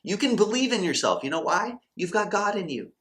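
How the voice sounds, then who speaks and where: A man's voice: high voice, big pitch swings, fairly quick, a bit bright. A man giving a motivational faith talk to camera as a Christian coach and channel host, fired-up and preachy, acting out quoted doubters and believers.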